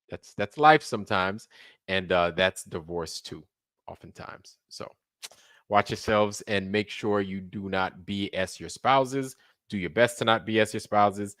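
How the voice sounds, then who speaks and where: A man's voice: fairly low pitch, pushed and bright, no room sound, clean studio sound. A man hosting a late-night livestream, rambling casually and profanely while answering viewers in the chat. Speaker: livestream host.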